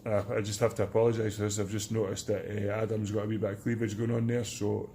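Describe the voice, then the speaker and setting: A Scottish man with a low, gravelly, mellow voice rambles in a jokey way through a casual vlog. His speech stays fairly flat, with a faint hiss of background noise. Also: quick pace. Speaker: charity trekker.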